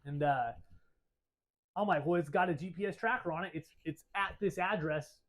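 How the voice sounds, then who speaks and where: Animated man retelling a wild story. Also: on the high side, normal speed, low-quality recording. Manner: animated, acts out both sides of phone calls, swears. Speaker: shop owner telling a story. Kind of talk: casual storytelling to camera.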